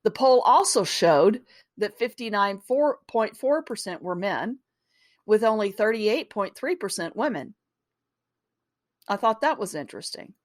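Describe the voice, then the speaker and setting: A woman's voice: medium pitch, big pitch swings, a little slow, no echo, clean studio sound. A woman hosting a podcast, talking casually with asides to listeners and easy laughs. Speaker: podcast host.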